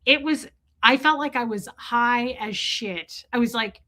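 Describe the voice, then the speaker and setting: Woman w a bright kinda high voice, rambling animated story to her stream chat, lots of "like" and cussing. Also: unhurried. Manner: animated, lots of "like" fillers and cursing. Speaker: livestream host. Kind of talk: casual storytelling to a live chat.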